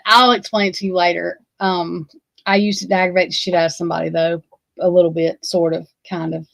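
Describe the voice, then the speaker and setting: A woman's voice: lowish voice, steady tone, a little fast, gravelly, a bit bright, dry recording, rough recording. Lady in her 40s rambling to her stream, cussing a lot, dry close sound. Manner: rambling, profane and emphatic. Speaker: livestream host. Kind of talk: casual chat with viewers.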